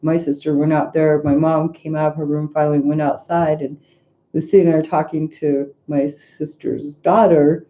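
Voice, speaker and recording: A middle-aged woman talks casually in a very dark, mellow voice, circling back with restarts and asides as she tells a story. The recording sounds dull and lo-fi. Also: low-pitched, level tone, normal speed. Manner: rambling, frequent restarts and asides. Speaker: tarot reader.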